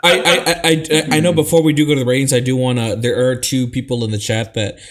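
Host, male, mid-pitched, friendly, keeps the show on track. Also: fairly even intonation, quick pace. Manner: friendly, reads listener comments aloud, keeps the show moving. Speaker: podcast host. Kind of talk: casual chat.

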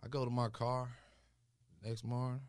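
A young man co-hosting a podcast, telling a story in a casual, animated way and acting out the people he quotes. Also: moderate pace, smooth. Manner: animated storytelling, acts out quotes with rising pitch. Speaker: podcast co-host.

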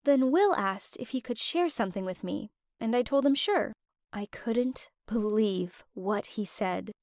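A young woman telling a first-person story with expressive, emotional delivery. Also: medium pitch, measured pace, no echo, clean studio sound. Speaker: narrator.

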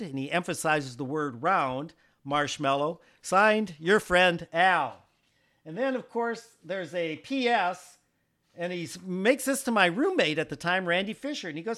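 A man's voice: sits high, lively intonation, a little slow, bright, forceful tone. A man hosting a podcast, telling a personal story and reading from an old letter, chuckling often as he goes. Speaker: podcast host.

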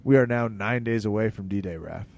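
A man co-hosting a podcast in casual comedic chat, joking and animated, with sudden loud emphasis. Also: lowish voice, normal speed, vocal fry, slight background noise. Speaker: podcast co-host.

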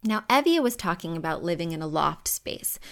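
A woman's voice: on the low side, big pitch swings, brisk. A woman hosting a home-decor advice podcast from home, chatty and emphatic with firm opinions. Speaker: podcast host.

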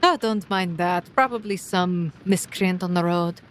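A woman's voice: on the low side, a little slow, slight background noise, close to an everyday voice. A woman playing a haughty, cruel aristocrat in a tabletop game, speaking with disdainful drawl.

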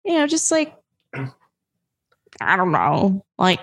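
A woman's voice: mid-range voice, sing-song, takes it slowly, vocal fry, a bit bright. A young woman performing an improv comedy scene, talking eagerly with giggles and self-doubting asides.

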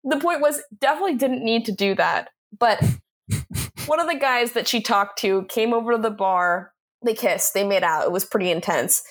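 Young woman podcast co-host, lively casual storyteller who laughs a lot. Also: mid-range voice, fairly quick. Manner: animated storytelling, laughs often, swears. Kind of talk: casual chat.

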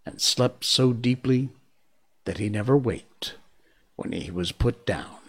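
A man narrating a classic storybook in a measured, hushed manner. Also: mid-range voice, breathy edge.

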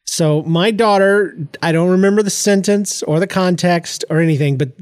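A middle-aged man with a stuffy, congested voice rambles cheerfully through family anecdotes on his podcast, pitched a touch high and jumping into quoted voices. He sits close to the mic in a dry, dead-sounding room. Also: normal speed, clean tone, no room sound. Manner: animated, jokey storytelling with laughs and voiced quotes. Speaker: podcast host. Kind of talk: casual solo podcast storytelling. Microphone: close podcast microphone.

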